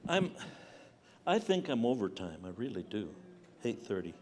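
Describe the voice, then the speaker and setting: An older man doing stand-up storytelling as a Christian comedian, animated and acting out voices on a large conference stage. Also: fairly low pitch, normal speed, a little hiss or hum. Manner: animated, acts out voices and shouts punchlines.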